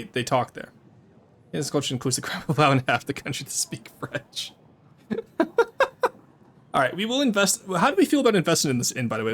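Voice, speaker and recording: A man's voice: medium pitch, fairly bright tone. A man streaming a game, chatting in rambling rants full of restarts. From Canada. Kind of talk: casual live gameplay chat.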